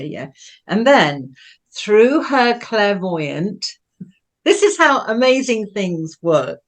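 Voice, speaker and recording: Woman around 70, from Manchester, rambling life story, frequent laughs, slightly low pitch. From Manchester, England. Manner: chatty, rambling, laughs often. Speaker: interview guest, artist. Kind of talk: personal storytelling.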